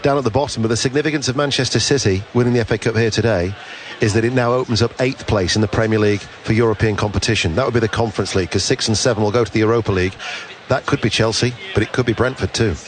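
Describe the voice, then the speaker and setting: A male pundit explaining the implications of a result in a quick, explanatory way. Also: lowish voice, slight background noise. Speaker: football pundit. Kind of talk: match analysis.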